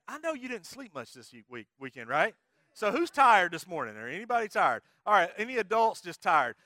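Fired-up high-voiced male pastor. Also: dry recording, studio quality. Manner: energetic, playful, coaxes the congregation to join in. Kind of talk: sermon. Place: church sanctuary.

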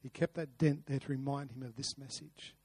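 A man's voice: medium pitch, steady tone, fairly quick, a little mellow, slightly rough, no echo. A man preaching a sermon, earnest, with rhetorical questions and repeated words. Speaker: pastor. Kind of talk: sermon with a told story.

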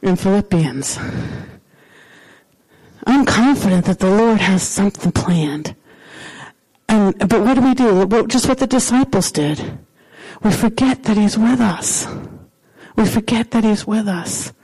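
A woman's voice: mid-range voice, expressive, unhurried, darkish tone, slightly rough, rough recording. A woman pastor preaching a sermon in an emphatic, repetitive way, circling back to the same phrases.

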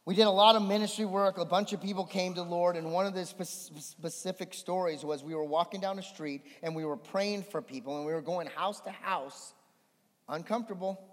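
A man preaching a sermon as a pastor, swinging between animated emphasis and hushed storytelling. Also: high voice, brisk. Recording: long hall reverb.

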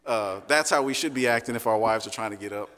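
A man's voice: lowish voice, quick pace, fairly bright tone, long reverb tail. A man preaching a sermon in a conversational way, often checking in with "right?" and restarting phrases. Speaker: pastor.

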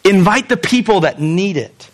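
A pastor preaches in a high-pitched, expressive voice at a moderate pace, keeping his sermon loose and conversational. Reading scripture, he acts out the people quoted in it and chuckles here and there.

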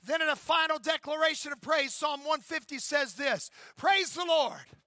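A male pastor in his fifties delivers a fervent sermon in a church, shouting and calling out to the congregation. His voice sits very high and rings with a sharp, piercing brightness. The sound is dry and close, with little room reflection. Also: moderate pace, no room sound. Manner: fervent, shouting, call-and-response preaching. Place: church sanctuary.

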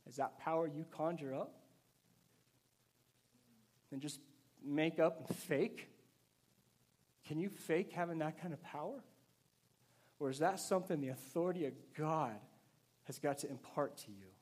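High-voiced energetic male preacher. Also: a little slow, long pauses. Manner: energetic preaching, swinging between loud emphatic bursts and quiet intensity. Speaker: pastor. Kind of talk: sermon. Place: church service before a congregation.

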